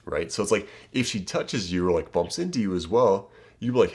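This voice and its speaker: A man with a low voice talks straight to the viewer as a dating coach. His delivery is casual and emphatic. He keeps tagging his points with quick checks like "okay?" and "right?". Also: lively intonation, darkish tone. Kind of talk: direct-to-camera advice talk.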